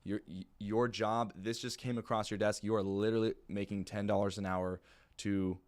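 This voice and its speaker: A man teaching new sales agents how to work a phone script, in a chill, fairly monotone way, often checking in with "right?" and "okay?". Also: moderate pace. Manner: calm, low-key delivery with frequent "right?" and "okay?". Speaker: sales trainer. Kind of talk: training talk on a phone script.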